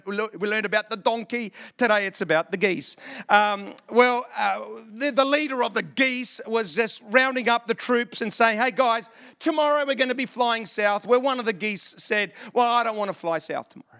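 A man's voice: sits high, bright, forceful tone. A middle-aged man preaching a sermon, telling a folksy story and joking with the congregation. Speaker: pastor.

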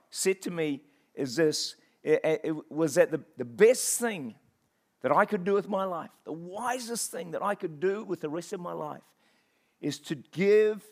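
A male preacher with a high voice delivers a fiery sermon in church. He drops to quiet, reflective passages, then rises to loud, impassioned repetitions. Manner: repeats phrases for emphasis. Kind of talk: passionate sermon.

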